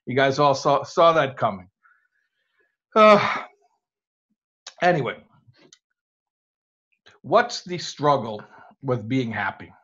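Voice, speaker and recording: A rabbi with an American accent gives a conversational lecture to students, drawing them in with rhetorical questions, in a slightly muffled recording. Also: male voice, mid-range voice, animated, slow, pauses often, a bit bright. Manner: engaging, asks rhetorical questions.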